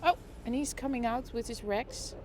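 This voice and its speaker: A middle-aged woman with a voice on the high side and a darkish tone speaks at a moderate pace over slight background noise. Streaming live from her apartment during lockdown, she holds her phone while filming and chats playfully, giggling and doing mock sports commentary.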